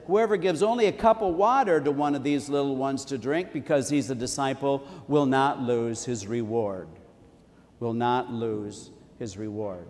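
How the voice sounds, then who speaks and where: A man's voice: mid-range voice, a little mellow, big-room sound. A man preaching a sermon in a church in a conversational tone, repeating key phrases for emphasis.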